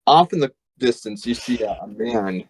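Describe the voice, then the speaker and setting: Man game master, easygoing, halting narration, dry close sound. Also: medium pitch, animated, husky, no room sound, poor audio. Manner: casual, many fillers and restarts.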